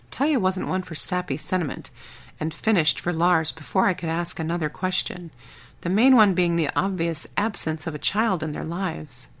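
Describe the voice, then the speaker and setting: A woman reading a first-person audiobook in a wry, brisk storytelling manner. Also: on the low side, fairly bright tone. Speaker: audiobook narrator.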